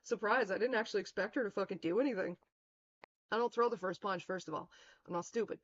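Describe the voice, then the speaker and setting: A woman's voice: medium pitch, quick pace. A woman streamer telling a long story in a casual, rambling way, full of swearing and fillers. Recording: dull lo-fi stream mic.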